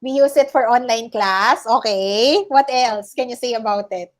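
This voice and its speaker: A woman's voice: fairly high pitch, moderate pace. A woman teacher with a Filipino accent, running a word-guessing game on a video call, repeating each answer back as a question. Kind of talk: online class game, mixing English and Filipino.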